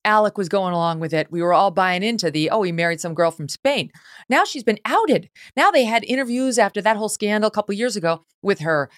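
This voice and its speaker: A woman's voice: medium pitch, expressive, quick pace, few pauses, no echo, clean studio sound. A woman hosting a podcast, talking casually and sarcastically and laughing often. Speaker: podcast host. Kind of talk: casual talk-show commentary.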